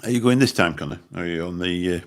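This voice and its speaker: A Birmingham man with a low voice talks at a quick pace. He hosts a livestream, rambling and chatting with viewers and letting a few mild swear words slip.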